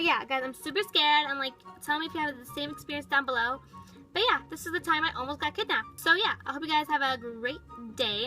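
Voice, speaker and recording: A woman's voice: high-pitched, sharp tone, poor audio. A woman voicing a bratty, dramatic young female toy pet, telling a toy storytime with valley-girl chatter full of "like". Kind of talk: toy-figure storytime narration.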